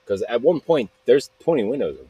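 A man's voice: mid-range voice, animated, moderate pace, mellow, breathy edge, low-quality recording. A man hosting a solo podcast, rambling and swearing, often cutting himself off mid-sentence, recorded outdoors. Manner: rambling, profane, self-interrupting. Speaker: podcast host.

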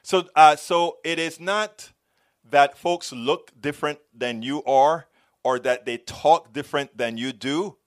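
Hosting a political live stream, a middle-aged man from Panama works through viewer comments from the chat at a measured pace. His voice sits a little high, his accent is Panamanian, and he rambles with frequent restarts and stumbles.

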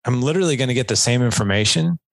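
A man's voice: mid-range voice, expressive, very fast, no room sound, rough recording. A middle-aged man, a podcast guest, earnestly explaining communication skills in a conversational interview, acting out example dialogue. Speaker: podcast guest, dad coach.

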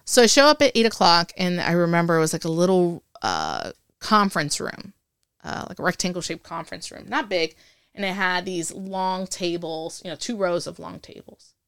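Gravelly woman telling a story. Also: lowish voice, normal speed, dry recording, studio quality. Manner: animated storyteller who acts out remembered dialogue. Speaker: interview guest, Air Force veteran. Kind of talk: casual storytelling interview.

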